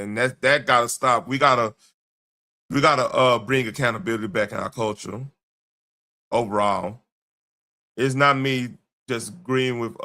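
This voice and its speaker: A man's voice: lowish voice, sharp tone. A tired man hosting a late-night livestream, talking in a loose, blunt, slangy way with his voice wearing out. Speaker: livestream host.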